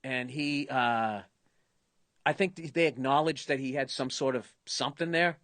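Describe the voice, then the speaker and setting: A middle-aged man telling a comedic story in a casual podcast chat, animated and acting out other people's lines. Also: medium pitch, normal speed, dry recording.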